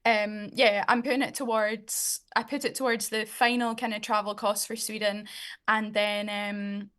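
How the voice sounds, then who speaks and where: Young woman, Scottish accent, singer guest, easygoing talk, mid pitch. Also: normal speed. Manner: relaxed, chatty, uses fillers like "um" and "like". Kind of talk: casual interview chat.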